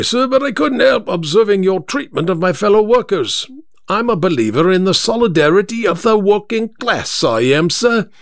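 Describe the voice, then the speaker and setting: A man's voice: high-pitched, no echo, clean studio sound, pitched above the performer's own voice. A man voicing a working-class cab driver who lectures about the solidarity of the working class in a righteous, speechifying manner.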